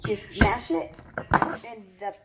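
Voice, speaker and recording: A woman's voice: mid-range voice, animated, takes it slowly, noisy background. A woman chatting her way through a home cooking tutorial in her kitchen, rambling with lots of fillers and self-corrections, teary from cutting onions. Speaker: cooking vlogger.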